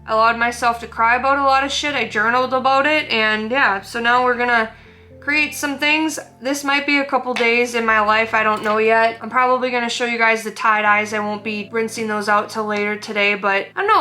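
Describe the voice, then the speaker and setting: Bright-voiced woman, candid vlog talk. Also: fairly high pitch, fairly even intonation, fairly quick, faint music behind. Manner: frank, heartfelt, swears casually. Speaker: artist vlogger. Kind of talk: candid talking-to-camera vlog.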